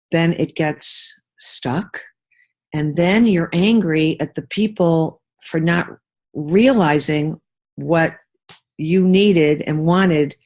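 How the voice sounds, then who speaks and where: Older woman, interview guest, lower pitch, lively storyteller. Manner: warm storyteller acting out quoted voices. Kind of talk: interview conversation.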